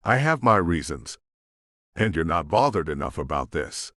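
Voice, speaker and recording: A paranoid male hacker, voiced by a man reading an audiobook, who answers in curt, dismissive bursts. His voice sits low but moves around a lot in pitch. The sound is dry and close, with no room around it. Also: sing-song, normal speed, fairly bright tone, no echo. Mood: accusing. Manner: clipped, dismissive. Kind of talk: audiobook character voice.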